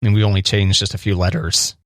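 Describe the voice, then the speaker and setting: A man's voice: sits low, level tone, fast, a bit bright, no echo, studio quality. A man co-hosting a radio show, chatting casually and teasing his co-host with playful quiz-style questions. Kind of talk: casual banter.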